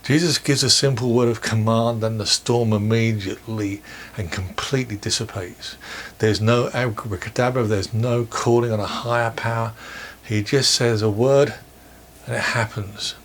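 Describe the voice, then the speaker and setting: A man's voice: fairly low pitch, fairly even intonation. Earnest male preacher, faint hiss. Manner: measured, earnest preaching with rhetorical questions. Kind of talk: sermon. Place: church or home, recorded for online worship.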